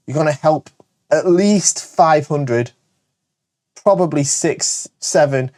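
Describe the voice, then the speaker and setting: A man with a northern English accent hosts a casual question-and-answer video. He talks fast and eagerly and keeps correcting himself, and his voice sits a little high for a man. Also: darkish tone. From Britain. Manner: fast, chatty and enthusiastic, with frequent self-corrections. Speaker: host.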